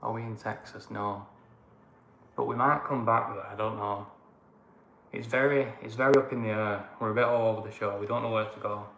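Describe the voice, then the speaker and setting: A man's voice: fairly low pitch, fairly even intonation, brisk, a bit bright. A man with a Northern English accent, rambling casually as he co-hosts a travel livestream. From Northern England. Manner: chatty, rambling banter. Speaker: travel vlogger, co-host. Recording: echoey room with faint ambient noise.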